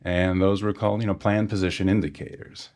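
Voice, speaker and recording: A man, a sonar engineer guest on a podcast, giving a technical explanation and often pausing with fillers and restarts. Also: sits low, flat delivery, a little mellow.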